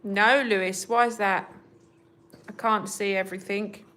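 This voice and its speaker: A woman's voice: mid-range voice, steady tone, measured pace. A woman hosting a casual livestream from home, chatting with viewers and talking to her cats. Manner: chatty, talks to her cats in a soft baby voice. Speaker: livestream host.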